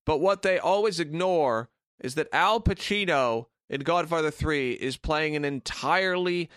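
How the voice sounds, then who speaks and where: Man, fairly high voice, blunt and sweary podcast co-host, dry close mic. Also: unhurried, a bit bright, no room sound. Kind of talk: casual chat.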